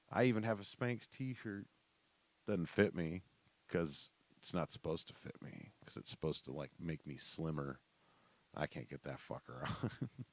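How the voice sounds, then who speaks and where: A man's voice: low-pitched, darkish tone, dry recording. A man hosting a podcast, casually telling profane, joking work stories. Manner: profane, joking, laughing asides. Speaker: podcast host. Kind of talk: casual storytelling.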